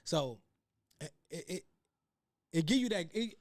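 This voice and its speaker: A man's voice: fairly high pitch, animated, unhurried, dry recording, studio quality. A man with a Chicago West Side accent, co-hosting a casual podcast chat, rambling with many restarts and laughing through his stories. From Chicago, USA. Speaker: podcast co-host.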